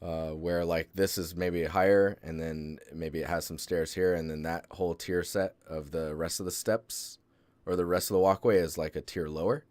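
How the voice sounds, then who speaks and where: A man with a very low, deep voice talks through an art portfolio on a live stream, loose and rambling, stopping and restarting his thoughts. The sound is close and dry, with almost no room around it. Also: normal speed, no echo. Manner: relaxed, rambling, many fillers and restarts. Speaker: host reviewing art portfolios. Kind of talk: casual live-stream critique.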